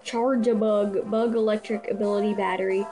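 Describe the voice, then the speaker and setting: A woman giving casual reaction commentary, excitable, stumbling over names and laughing at herself. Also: mid-range voice, normal speed, music in the background, poor audio. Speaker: video creator.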